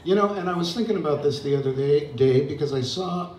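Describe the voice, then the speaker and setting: A man's voice: a little high, fairly quick, darkish tone, slight background noise. An older man hosting an open mic, chatting casually and self-deprecatingly between songs. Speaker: open mic host and singer. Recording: roomy, distant mic, guitar behind.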